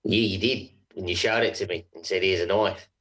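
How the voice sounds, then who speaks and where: A man's voice: low-pitched, brisk, low-quality recording. A man voicing a charming village blacksmith with an Australian accent, giving dry, literal-minded answers. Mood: teasing. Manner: deadpan, literal-minded replies.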